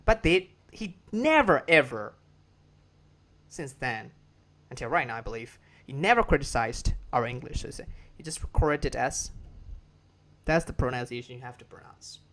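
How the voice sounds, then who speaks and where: A man with a Burmese accent, speaking English as a second language, talks through an English lesson in a loose, conversational way at a middle pitch. He circles back over his phrases, restarts sentences and repeats key words so the listener can imitate them. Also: expressive, normal speed, fairly bright tone. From Myanmar. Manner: repetitive, restarts phrases, drills words for copying. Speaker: English teacher. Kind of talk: casual spoken lesson.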